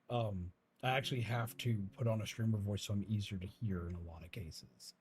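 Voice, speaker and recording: A male streamer talking in his natural, unpolished voice. It is soft and low, the kind people call spooky, with a breathy, husky edge. He talks calmly and hesitantly, restarting his sentences as he goes. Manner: calm, slow and hesitant, with many restarts and small laughs. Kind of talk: casual chat while gaming.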